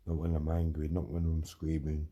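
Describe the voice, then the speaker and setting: A man's voice: rumbling low, completely flat delivery, moderate pace, mellow, dull audio. A middle-aged man on a livestream, ranting angrily and threatening someone while answering chat, with a lot of swearing.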